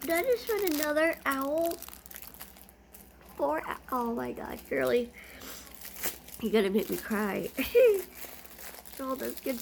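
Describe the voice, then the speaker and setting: Woman vlogger, gushing unboxing chat, high pitch with a gravelly edge. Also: a little mellow, a little hiss or hum. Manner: gushing, easily delighted.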